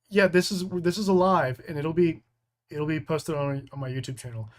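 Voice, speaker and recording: A man's voice: a little high, unhurried, fairly bright tone. Man hosting a rambling live stream. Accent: American. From United States. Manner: rambling, full of restarts and fillers. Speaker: host of a live training stream. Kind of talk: casual live-stream talk, reading comments.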